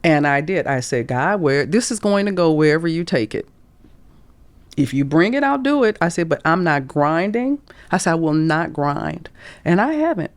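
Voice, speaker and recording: Animated woman career coach telling stories. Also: deep voice, normal speed, no echo. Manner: animated, acts out quoted speech, drops to whispers. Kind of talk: candid podcast storytelling.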